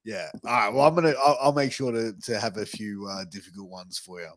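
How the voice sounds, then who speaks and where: A man's voice: fairly low pitch, a little fast, no room sound. A man with an Australian accent hosting a podcast, talking loosely with lots of swearing and fillers. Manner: laid-back, profane, filler-heavy. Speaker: podcast host. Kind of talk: casual podcast chat.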